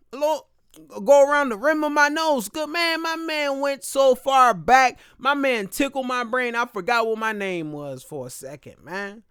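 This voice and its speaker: A young man telling a comic story in an animated, exaggerated, slang-heavy way with dramatic pauses. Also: very high voice, smooth, no echo, clean studio sound. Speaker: comedian vlogger.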